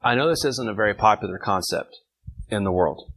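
A man's voice: fairly low pitch, brisk, a bit bright, poor audio. A man leading an informal Bible study, reading verses and taking questions from his group in a conversational way.

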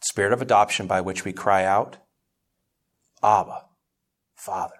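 A man's voice: fairly low pitch, fairly even intonation, a little fast. A man preaching in a church Bible class, telling a story conversationally and growing more impassioned as he teaches, often restarting his words. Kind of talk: sermon-style Bible teaching.

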